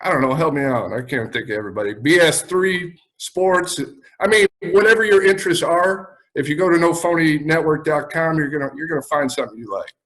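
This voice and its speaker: A man with a Chicago accent talks bluntly on a podcast, his voice sitting a little high. He swears freely and comes across as loose and unfiltered. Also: fairly quick, a bit bright, low-quality recording. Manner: blunt, profane. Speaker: podcast guest. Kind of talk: casual podcast chat.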